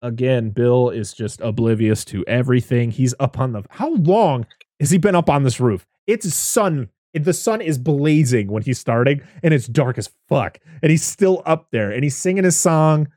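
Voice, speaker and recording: A man from Western Massachusetts casually recapping a movie, animated and swearing, often jumping into high voices to act out the characters. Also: normal speed, no echo, studio quality.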